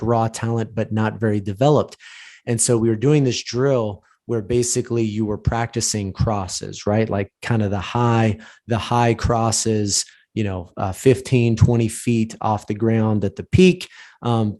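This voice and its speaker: A man's voice: on the low side, fairly even intonation, unhurried, a little mellow. A man in his thirties hosting a podcast, giving a casual motivational talk and telling stories with many fillers and restarts. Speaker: podcast host, lawyer.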